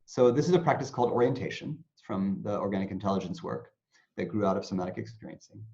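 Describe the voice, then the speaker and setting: A man talking as an interview guest about mindfulness, his pitch swinging up and down with lively expression. He explains things conversationally and slips into little acted-out inner voices. The sound is dull and lo-fi. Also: fast. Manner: animated, acts out anxious inner voices.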